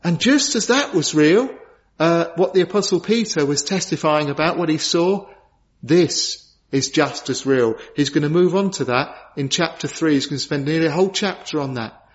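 A man preaching a sermon with fervent, emphatic delivery, slowing down to stress key declarations. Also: a little high. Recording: dull lo-fi church recording.

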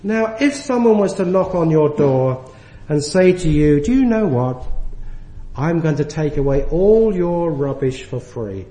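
A man delivers a sermon at an unhurried pace, leaning on key words as he goes. His voice sits fairly high. The sound carries the echo of a church hall. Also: expressive, dark tone. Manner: earnest, slows and stresses key words. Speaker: preacher.

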